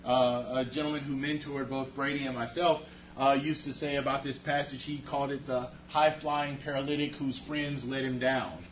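A man's voice: medium pitch, steady tone, normal speed, a little hiss or hum. A man preaching a sermon as pastor, talking conversationally and speaking to the congregation with rhetorical asides. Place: church sanctuary. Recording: echoey, muffled church hall audio.

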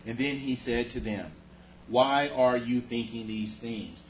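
A man's voice: mid-range voice, a little slow, slight background noise. A man preaching a sermon as pastor, talking conversationally and speaking to the congregation with rhetorical asides. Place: church sanctuary. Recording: echoey, muffled church hall audio.

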